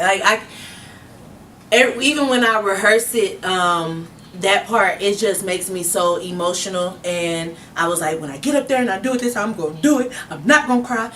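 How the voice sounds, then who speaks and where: A woman's voice: mid-range voice, fairly bright tone. A woman hosting a casual interview, emotional and talking with many fillers. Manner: emotional, frequent fillers and laughter. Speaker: interview host. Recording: distant mic with faint background noise.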